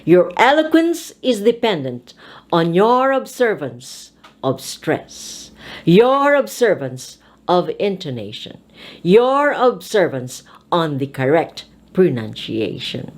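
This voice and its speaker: Woman pronunciation coach, drawn-out delivery with lots of pitch movement, instructive. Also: big pitch swings. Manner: slow, deliberate word-by-word pronunciation drilling; instructive, addresses viewers directly. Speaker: speech teacher. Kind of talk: pronunciation drill lesson.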